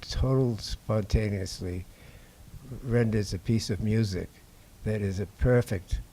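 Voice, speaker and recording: An older man from Boston speaks to a gathered audience in a low, mellow voice. His telling is halting and unhurried, full of small pauses as he recalls his work as a filmmaker. A faint hum of the room sits behind him. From Boston, USA. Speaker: documentary filmmaker. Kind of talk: anecdotal talk to an audience. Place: indoor screening before an audience.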